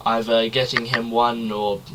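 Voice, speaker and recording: A man's voice: medium pitch, flat delivery, a little slow, noisy background. A young man co-hosting a casual podcast, rambling and chatty, swearing loosely. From Britain. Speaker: podcast co-host. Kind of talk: casual chat.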